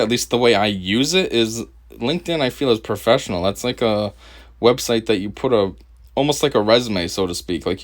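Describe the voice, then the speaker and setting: A young man from Connecticut doing a mocking reaction commentary over a video, laughing often and pausing the clip to remark on it. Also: mid-range voice. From Connecticut, USA. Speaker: commentary host.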